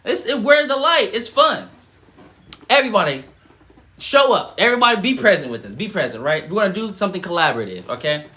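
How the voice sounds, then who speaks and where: A man's voice: high-pitched, sing-song, fairly quick, bright, forceful tone. A man leading a livestream of spiritual affirmations and guided breathing, emphatic and casual, with lots of call-and-response and repeated phrases. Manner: casual slangy speech.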